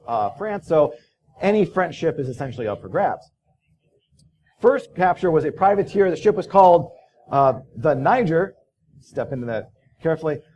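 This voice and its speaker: In a conference hall, a man with a slightly high, darkish voice gives a casual talk. His storytelling is loose and profane, packed with fillers.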